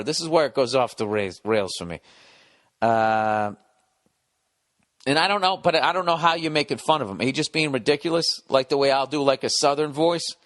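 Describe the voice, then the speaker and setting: A man's voice: on the high side, animated, normal speed, a bit bright, no room sound, clean studio sound. A man hosting a comedy podcast, reading a listener's letter aloud and breaking off with rambling, profane, wry asides.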